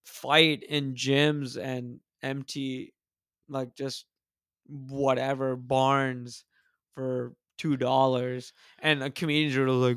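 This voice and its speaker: A man from Canada, a comedian guest on a podcast, rambling excitedly and swearing often. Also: medium pitch, slow pace, smooth, no echo, clean studio sound. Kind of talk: casual chat.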